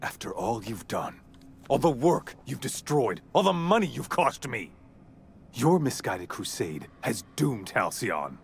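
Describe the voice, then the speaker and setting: A man's voice: mid-range voice, very animated, unhurried, gravelly, slight background noise. Sneering corporate villain chairman. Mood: contemptuous. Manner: haughty, sneering, swears coldly. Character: pompous, ruthless male corporate chairman villain.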